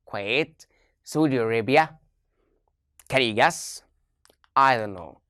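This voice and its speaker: A woman's voice: sits low, a bit bright, dry recording, clean studio sound. A woman teacher gives an online English lesson, asking her students many questions and repeating key phrases.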